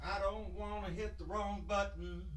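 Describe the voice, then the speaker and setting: A man's voice: high voice, flat delivery, normal speed, fairly bright tone. A man, out of breath, hosting a casual live stream and greeting viewers in a folksy, swearing way. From Texas.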